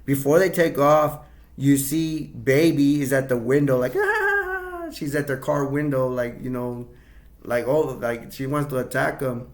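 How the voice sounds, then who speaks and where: Male film reviewer, gravelly, unscripted rambling recap. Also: mid-range voice, little pitch movement, normal speed. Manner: rambling, with many restarts and quoted imitations. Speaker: movie reviewer.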